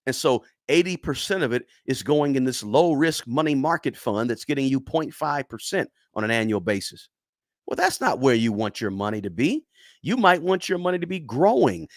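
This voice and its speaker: A man talking money straight to his viewers, hammering points home by repeating words and tossing in "right?" again and again. His voice is fairly high and swings widely in pitch. The sound is close and dry, with no room echo. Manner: emphatic, repeats words for stress, frequent "right?". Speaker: personal finance YouTuber. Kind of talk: casual talk to camera.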